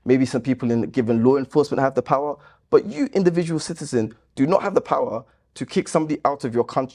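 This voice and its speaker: A man's voice: medium pitch, mellow. A man hosting his channel, talking casually about comments viewers left, reasoning through them and getting indignant. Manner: chatty, reasoned, grows indignant when rebutting. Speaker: YouTube host reading viewer comments. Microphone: laptop camera mic.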